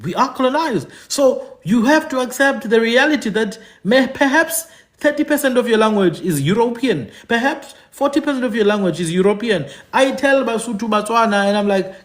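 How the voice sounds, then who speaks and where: A man's voice: very high-pitched, animated, moderate pace. A man from Africa, giving emphatic commentary, repeating his points and asking "hmm?". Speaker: podcast host. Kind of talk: animated commentary.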